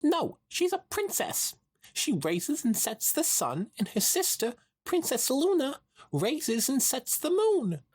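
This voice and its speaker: A man voicing a sweet, clumsy young female pony mail carrier in a very high, soft, airy voice. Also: huge pitch swings, slow pace, breathy edge, full character voice. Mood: earnest.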